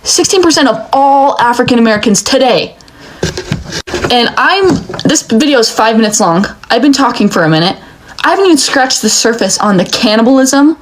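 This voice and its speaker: A woman's voice: a little high, animated, moderate pace, low-quality recording. A young woman giving an angry, emotional rant, swearing often. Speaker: commentator. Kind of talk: heated rant.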